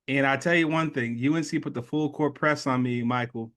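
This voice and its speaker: With a mid-range voice and a slightly fast pace, this interview guest in his late thirties animatedly recounts a personal story. He brings it to life by performing the voices of the people in it.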